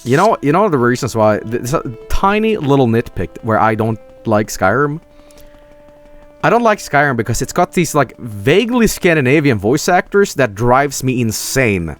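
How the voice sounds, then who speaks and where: A man's voice: mid-range voice, big pitch swings, normal speed, faint music behind. A man giving casual, rambling gameplay commentary as a streamer, swearing and laughing often.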